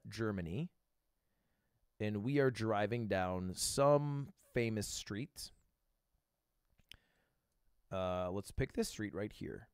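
A man streaming live who thinks out loud through guessing games, swears freely and bursts into loud excitement, recorded close on a desk microphone. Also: lowish voice, smooth, no echo. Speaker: streamer reacting to videos and playing guessing games.

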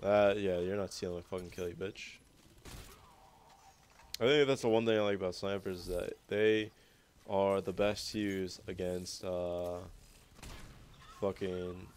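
A young man with a low, slightly mellow voice offers relaxed, meandering commentary on his gameplay videos, heavy on the cursing. Slight background noise can be heard behind this gaming YouTuber.

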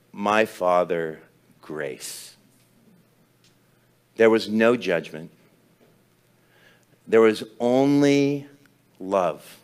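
Low-voiced man telling a sermon story. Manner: storytelling, humorous, self-deprecating. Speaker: pastor.

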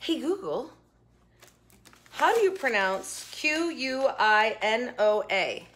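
Chatty young woman, food vlogger at home, slightly high and bright, rambling asides. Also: sing-song, slow. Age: young adult. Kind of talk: casual chat. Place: home kitchen.

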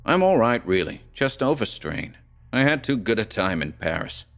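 A man's voice: on the low side, very animated, normal speed, vocal fry, fairly bright tone, pitched above the performer's own voice, exaggerated voice. A man voicing a haggard, secretive young actor who answers brusquely and defensively. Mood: evasive.

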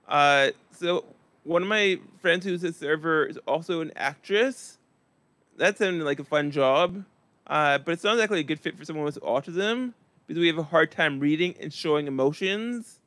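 A man delivers stand-up comedy in a deliberately monotone, deadpan way, his voice sitting a little high for a man. The sound is dry and close, with no room echo around him.

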